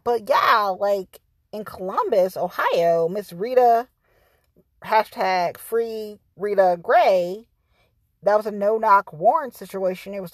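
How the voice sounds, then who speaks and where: A woman's voice: mid-range voice, no room sound. A woman hosting her own podcast, talking candidly and profanely straight to her listeners in a casual monologue. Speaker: podcast host.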